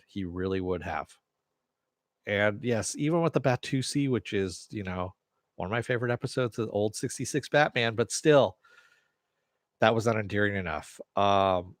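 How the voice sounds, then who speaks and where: A man's voice: fairly low pitch, no room sound, clean studio sound. A man hosting a casual live TV review, rambling off the cuff, swearing now and then and answering chat comments. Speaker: TV review host.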